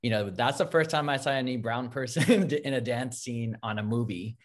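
A man's voice: mid-range voice, normal speed. A man from California who danced in the film, speaking earnestly and reflectively on a video call. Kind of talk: casual panel talk.

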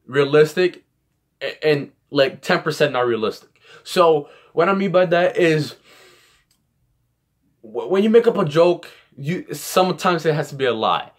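A young man rambling through casual vlog tips with animated storytelling. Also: fairly high pitch. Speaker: YouTuber giving comedy tips.

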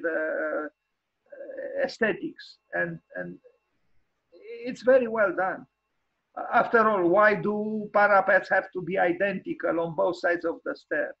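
A man with a high, gravelly voice that has a husky edge gives an informal online architecture lecture. He talks haltingly, with many fillers and restarts, and offers frank, wry opinions. The audio comes over a video call and sounds dull and lo-fi. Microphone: video call microphone.

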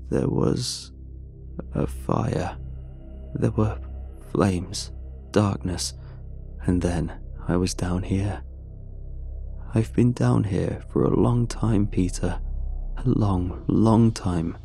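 Guy doing a sad creepy train monster, slow and halting, deep mellow voice, music under it. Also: fairly even intonation, vocal fry, heavily acted. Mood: mournful. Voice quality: deep, resonant misery. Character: sad monstrous male train creature, lonely, pleading.

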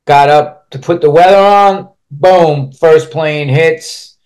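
A man's voice: a little high, slow, darkish tone. A man speaking as a podcast guest, telling a personal story candidly and bluntly, swearing freely and restarting his sentences as he rambles on.

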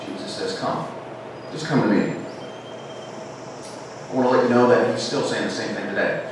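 A man's voice: on the low side, fast, recorded from a distance, noisy background. Preaching man in an echoey church. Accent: Southern American. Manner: rises to emphatic preaching then drops to hushed tones. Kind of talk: sermon. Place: church sanctuary.

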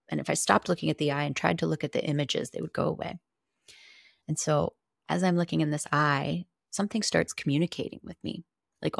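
A woman's voice: deep voice, vocal fry, no room sound, studio quality. A woman guest on a podcast, earnestly and candidly telling a personal story, with casual swearing.

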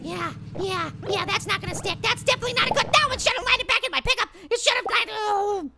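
A squeaky gravelly little cartoon apple. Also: male voice, quick pace. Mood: frustrated. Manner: excitable, frustrated outbursts, silly alliterative exclamations. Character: tiny hyper male apple cartoon character. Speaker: let's play gamer. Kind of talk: cartoon character game commentary. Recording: loud music under the voice.

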